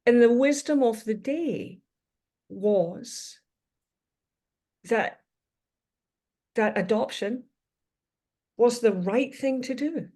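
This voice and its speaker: A woman's voice: fairly high pitch, drawn-out words, long pauses, dark tone. A woman in her fifties, a podcast guest telling a personal story in a thoughtful, reflective way, often circling back to restate her points. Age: 50s.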